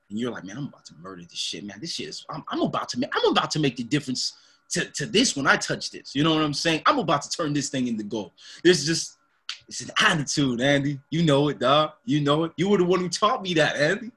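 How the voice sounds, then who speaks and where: Husky laid-back young man. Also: mid-range voice, fairly bright tone. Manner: laid-back, laughs often, says man and dog a lot. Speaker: podcast co-host. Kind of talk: casual chat.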